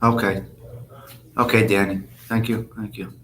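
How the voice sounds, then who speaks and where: A man's voice: fairly low pitch, flat delivery, unhurried, a bit bright, slight background noise. A man hosting a casual live stream, answering viewers' comments by name in a blunt, profane, rambling way.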